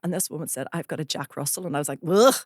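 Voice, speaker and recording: A woman hosting a comedy podcast, telling stories in a lively, giggly way. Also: low voice, very fast, dry recording, clean studio sound. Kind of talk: casual podcast chat.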